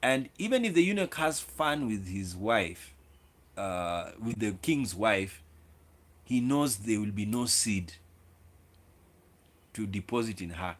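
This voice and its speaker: A man's voice: fairly low pitch, big pitch swings, takes it slowly, long pauses. A man hosting his own video, lecturing viewers directly in an opinionated monologue, with repeated words and restarts. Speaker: video host.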